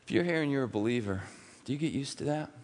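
A man preaching a sermon in a church, swinging from loud emphatic peaks to hushed, quiet asides. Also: medium pitch, expressive, quick pace, in a large hall. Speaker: pastor. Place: church sanctuary.

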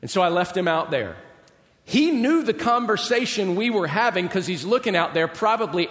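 A middle-aged male pastor preaches with a slightly high voice and a wry, self-mocking humor, stretching his story into comic exaggeration. His voice rings out with a long reverb, as in a church sanctuary. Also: animated, normal speed, a bit bright. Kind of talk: storytelling sermon.

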